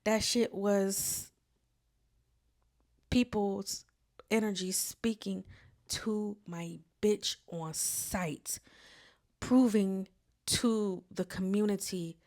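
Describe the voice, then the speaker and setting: A young adult woman hosting a podcast, telling a story in a casual, animated way, swearing freely and stressing her points. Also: medium pitch, very slow, pauses often. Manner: animated, profane, emphatic storytelling with frequent "um". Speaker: podcast host.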